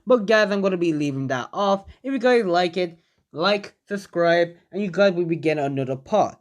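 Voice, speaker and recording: A man's voice: sits high, expressive, normal speed. A young man casually narrating a fan story, rambling with many fillers.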